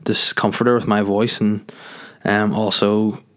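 Low-voiced Northern Irish man, rambling. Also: level tone, measured pace, a bit bright. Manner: rambling and jokey, with filler words. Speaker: podcast host. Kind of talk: casual podcast monologue.

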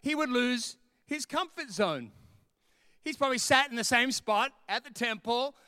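High-voiced, emphatic male preacher. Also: moderate pace, smooth, no room sound, studio quality. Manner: animated, emphatic preaching with repeated lines. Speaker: pastor. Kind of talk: sermon. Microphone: camera with a close mic.

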